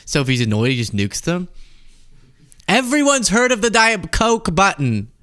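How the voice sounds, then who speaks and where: A man's voice: high voice, sing-song, moderate pace, bright, forceful tone, clear, resonant tone. A man hosting a political commentary show, talking casually and sarcastically and laughing often.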